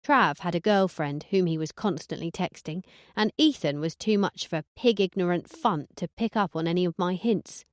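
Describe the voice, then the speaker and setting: A woman's voice: fairly low pitch, normal speed, hardly any pauses, no echo, clean studio sound. Sardonic woman narrating. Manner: sardonic, deadpan. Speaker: audiobook narrator. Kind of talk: first-person audiobook narration.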